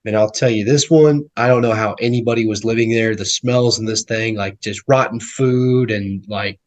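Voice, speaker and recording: A male guest, a real estate investor, telling stories casually and rambling, repeating words and acting out what people said. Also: medium pitch. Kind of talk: casual storytelling.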